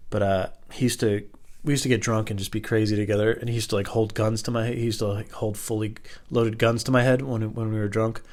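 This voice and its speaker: A man telling rambling personal stories in a casual, profane, offhand way. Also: lowish voice. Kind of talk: casual storytelling monologue.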